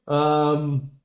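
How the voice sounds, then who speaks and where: A man's voice: fairly high pitch, dull audio. A man hosting a comedy podcast, mocking and sarcastic as he reacts to clips. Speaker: podcast host.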